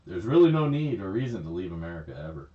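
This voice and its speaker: A man's voice: deep voice, sing-song, fast talker, warm tone. A man chatting casually on a livestream, rambling, laughing often and swearing freely. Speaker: livestream host. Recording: echoey, slightly dull stream audio.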